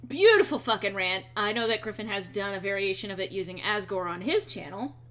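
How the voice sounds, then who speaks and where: A woman streamer chatting casually while she draws, quick and rambling, swearing freely and laughing often. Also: medium pitch, animated, a bit bright.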